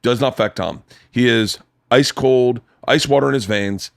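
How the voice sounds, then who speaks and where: A man in his forties hosts a casual podcast from a home studio. He swears freely and tells stories animatedly, his pitch rising as he gets heated. The sound is dry and close, in a middle register. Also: normal speed, vocal fry, dry recording. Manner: profane, animated storytelling, pitch rising when worked up. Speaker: podcast host. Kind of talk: casual chat.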